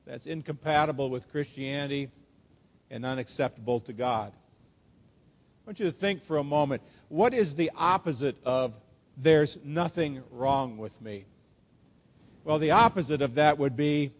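A man preaching in a fairly high voice, earnest and emphatic, leaning hard on quoted phrases. His words ring out with the long reverb of a church sanctuary. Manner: earnest, emphatic preaching with slow, stressed quotations. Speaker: pastor. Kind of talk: sermon.

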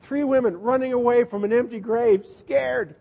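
A man's voice: very high-pitched, moderate pace, creaky, in a large hall, dull audio. A man, a Lutheran pastor, preaching a sermon in a storytelling way, acting out the people in the story with humor. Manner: storytelling, animated, acts out voices with humor.

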